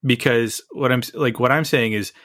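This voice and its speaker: A man co-hosting a podcast in casual chat, thoughtful, with many fillers, slowing down to make a point. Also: mid-range voice, fairly bright tone, dry recording, studio quality. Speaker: podcast co-host.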